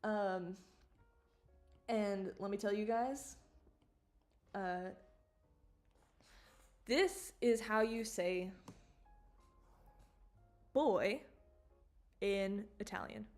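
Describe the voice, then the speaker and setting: A woman chatting casually on a live stream about her own work, animated and swearing, with mock outrage and quick laughs. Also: mid-range voice, faint music behind.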